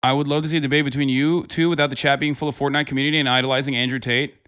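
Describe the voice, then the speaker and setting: A man's voice: mid-range voice, little pitch movement, rapid-fire, fairly bright tone, clean tone. A man in his thirties hosting a livestream, talking in a heated, sarcastic and profane way. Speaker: livestream host. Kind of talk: casual streamer commentary.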